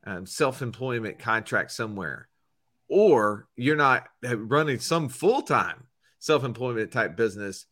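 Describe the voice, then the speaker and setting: A man co-hosting a podcast, talking emphatically with dramatic pauses. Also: mid-range voice, expressive, a bit bright. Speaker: podcast co-host. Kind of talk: podcast intro chat.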